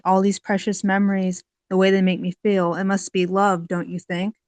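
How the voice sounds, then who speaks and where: Low-voiced woman in heartfelt podcast chat. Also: no room sound. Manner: heartfelt, chatty, many fillers like "like". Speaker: podcast panelist. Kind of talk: casual podcast discussion.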